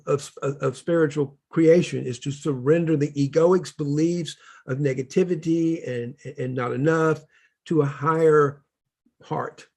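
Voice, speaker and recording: A man's voice: a little high, vocal fry, darkish tone. A man speaking as a spiritual teacher, telling his story in an earnest, preachy way during a casual workshop conversation.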